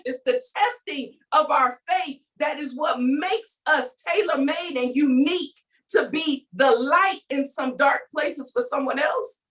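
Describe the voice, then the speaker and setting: A woman's voice: high voice, a bit bright, recorded from a distance, rough recording. A woman giving an emphatic, preachy faith talk, calling out to her listeners as she vents. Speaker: faith vlogger. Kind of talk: inspirational rant.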